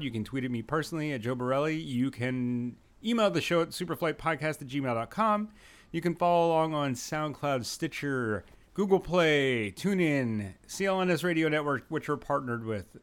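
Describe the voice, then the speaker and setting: Rambling young man hosting a podcast. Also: mid-range voice. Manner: rambling, self-deprecating, earnest storytelling. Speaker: podcast host. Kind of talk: casual solo podcast monologue. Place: home room with an open window. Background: occasional breeze from an open window.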